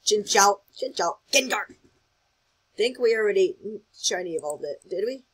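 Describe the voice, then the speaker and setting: An excitable host rambles through casual gameplay commentary, thinking out loud and reacting as things happen in the game. The voice sits at a middling pitch with a husky, breathy edge. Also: normal speed, low-quality recording. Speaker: gaming channel host.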